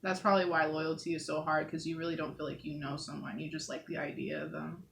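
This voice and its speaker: A woman's voice: deep voice, level tone, quick pace, vocal fry, fairly bright tone. A woman from Northern California co-hosting a casual chat, reflective and thoughtful, with many "like"s. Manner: reflective, thoughtful, heavy use of "like". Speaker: podcast co-host.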